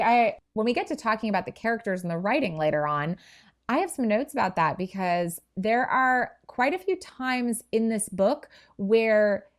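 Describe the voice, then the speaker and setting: A woman co-hosting a podcast, talking through a book in a thoughtful, enthusiastic way with small restarts. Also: fairly high pitch. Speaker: podcast co-host. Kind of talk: casual book chat.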